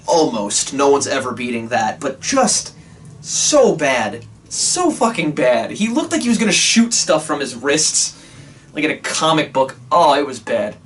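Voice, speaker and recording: A man reviewing old wrestling shows in a casual, sarcastic rant, swearing often and jumping into high mocking quotes. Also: a little slow, distant mic, a little hiss or hum. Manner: animated, sarcastic, profane, jumps to high squeaky quotes.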